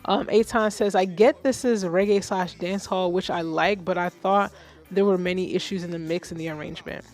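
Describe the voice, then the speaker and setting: A woman of Haitian background hosting a live music feedback stream, blunt and animated, swearing freely. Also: fairly low pitch, fairly quick. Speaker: livestream host reviewing music. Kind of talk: casual livestream commentary.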